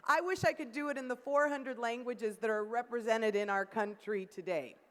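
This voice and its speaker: A woman with a slightly high, somewhat bright voice delivers an upbeat, interactive keynote at a moderate pace, coaxing the audience to call out greetings. She's in a large conference hall, and the recording carries long hall reverb.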